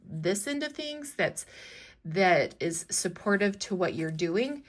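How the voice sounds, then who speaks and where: A woman talking through a crafting tutorial in a chatty, rambling way, with many fillers and restarts, now and then going soft while she works. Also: medium pitch. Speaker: collage artist and shop owner.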